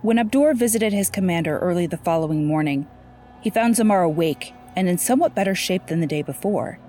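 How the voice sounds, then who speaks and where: A woman narrating a story in a steady, even-paced scripted reading. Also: lowish voice, brisk. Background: faint music.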